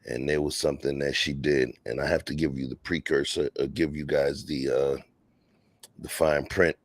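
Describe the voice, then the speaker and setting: A man's voice: very deep voice, flat delivery, normal speed, dry recording. A man hosting a casual late-night podcast, laid-back and slangy, talking from home. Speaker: podcast host. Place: home, near a patio door.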